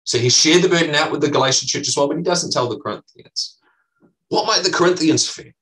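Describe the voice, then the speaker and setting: A man's voice: fairly high pitch, fast, a bit bright, recorded from a distance, poor audio. A man preaching a sermon as pastor, teaching earnestly and emphatically, repeating key phrases.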